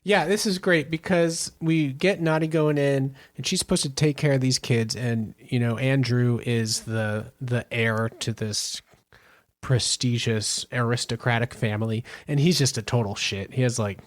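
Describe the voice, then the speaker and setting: A man's voice: mid-range voice, steady tone, normal speed, dry recording. A man co-hosting a book podcast, speaking in a laid-back, blunt way with casual swearing.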